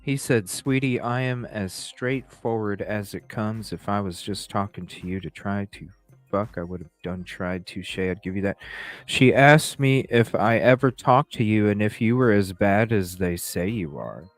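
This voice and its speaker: A man's voice: on the low side, a little slow, no echo, soft background music. A man hosting a podcast, reading text messages aloud and reacting with profane, incredulous commentary. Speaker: podcast host.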